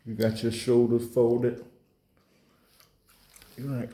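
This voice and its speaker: A man doing a rambling comedy monologue, acting out little scenes and slipping into hushed asides. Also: on the low side, steady tone, moderate pace.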